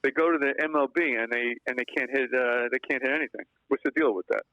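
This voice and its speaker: A man co-hosting a casual sports podcast, chatty and quick to ask questions back and agree. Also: mid-range voice, bright, forceful tone, no room sound, dull audio. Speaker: podcast co-host.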